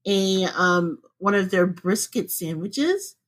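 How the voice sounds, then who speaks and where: A chatty woman co-hosting a podcast from home, with a voice of middle pitch. She talks in a loose, easygoing way and breaks into laughter often, her voice jumping up high when something amuses her. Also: expressive, takes it slowly, a bit bright. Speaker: podcast co-host. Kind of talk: casual podcast chat.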